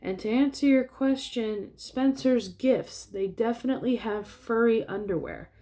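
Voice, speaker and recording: A woman voicing a wisecracking grown man who talks in a loud, mocking, playful way. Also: fairly high pitch, unhurried, pitched above the performer's own voice, lightly acted.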